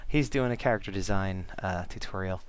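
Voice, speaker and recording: A man's voice: deep voice, brisk. A man vlogging about making comics, talking casually with lots of fillers and restarts while he draws. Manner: rambling, many fillers and restarts. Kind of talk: casual chat over drawing.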